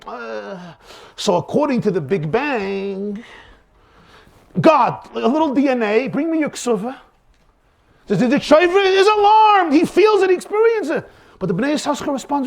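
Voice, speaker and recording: A man's voice: very high voice, big pitch swings, moderate pace, creaky. A man teaching as a rabbi, telling stories and asking rhetorical questions in a dramatic, emphatic way. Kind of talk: lecture on faith with acted-out anecdotes.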